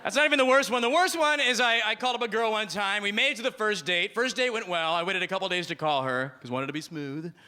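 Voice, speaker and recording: A man's voice: high-pitched, fast, hardly any pauses, pushed and bright, smooth. A male stand-up comedian delivers a rambling, self-deprecating set on a club stage into a handheld mic, often slipping into voices.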